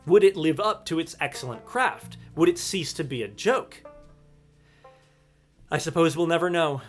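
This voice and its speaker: A man's voice: fairly high pitch, moderate pace, soft background music. Wry man narrating a video essay. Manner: wry, dryly ironic. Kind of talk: scripted narration.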